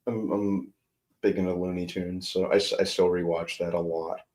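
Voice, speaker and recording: A man with a low voice co-hosts a live podcast stream and drops in short, relaxed comments. He talks easily and casually. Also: normal speed. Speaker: podcast co-host.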